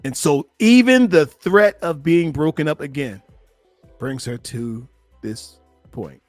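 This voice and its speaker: A man working as a relationship coach, giving animated, emphatic commentary on a played clip and speaking straight to his listeners. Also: a little high, slow pace, no room sound, soft background music.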